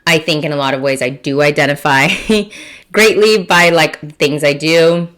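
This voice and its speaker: Her voice is deep and a bit bright, and she keeps a measured pace. She's a thirtysomething podcast host from Mission, Texas, running a casual food and wine show where she talks while eating and tasting, chatty, joking at her own expense and swearing freely.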